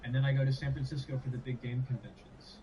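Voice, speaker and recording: A man, a game composer, chatting in an interview in a relaxed way with many fillers. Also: mid-range voice, quick pace, recorded from a distance, lo-fi sound, noisy background. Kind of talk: casual interview talk.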